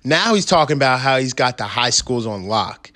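A man in casual chat, telling a long story in animated slang and laughing often. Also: mid-range voice, normal speed.

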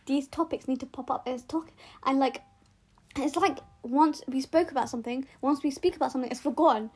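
High-voiced earnest young woman podcaster. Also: a little fast, a little mellow. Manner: earnest, rambling with restarts and repeated words. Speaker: podcast host. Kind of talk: casual solo podcast monologue. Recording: home recording, rough sound quality.

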